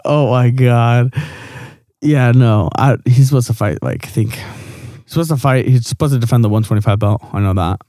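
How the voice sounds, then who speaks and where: A young man co-hosting a casual sports chat, crude and quick to laugh, with many fillers. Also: medium pitch, dark tone, dry recording, studio quality. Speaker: podcast co-host.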